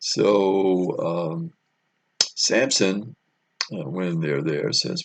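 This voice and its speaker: A man's voice: deep voice, extremely slow, pauses often, slightly rough, no echo. A man retelling a Bible story in a casual, conversational way, with frequent fillers. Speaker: Bible teacher.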